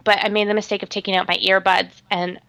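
A woman from Canada, a podcast co-host calling in over the line, chatting casually and telling stories with lively acted-out voices. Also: mid-range voice, fast talker, dry recording. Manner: animated storyteller acting out other people's voices. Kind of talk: casual chat. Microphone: phone line.

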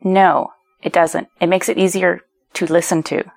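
Low gravelly woman guest on a podcast. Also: level tone, normal speed, darkish tone. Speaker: podcast guest, speech technology. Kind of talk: casual podcast chat.

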